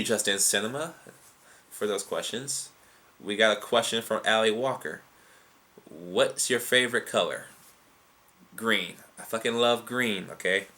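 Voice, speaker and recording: A man's voice: medium pitch, sharp tone. A young man, answering viewer questions in a casual, rambling, profane way. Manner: rambling, profane and loose, with restarts. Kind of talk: casual chat.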